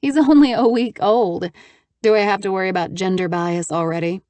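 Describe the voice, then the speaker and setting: A woman voicing a determined young woman who speaks crisply and in a businesslike way in an audiobook. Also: medium pitch, a little fast, darkish tone, dry recording, close to an everyday voice. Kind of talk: audiobook character voice.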